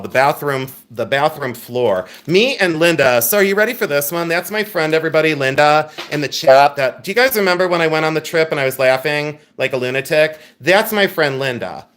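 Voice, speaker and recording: A man's voice: mid-range voice, fairly bright tone. A man hosting a casual livestream jewelry sale, chatty and joking, turning candid and earnest at times. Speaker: live jewelry sale host. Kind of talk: casual livestream selling chat. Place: coffeehouse.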